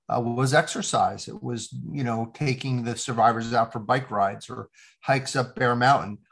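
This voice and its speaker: Middle-aged guy hosting a podcast, relaxed chatty talk, lots of uh and um. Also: mid-range voice, creaky. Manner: warm conversational, frequent um and uh fillers. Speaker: podcast host. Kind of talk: casual podcast chat.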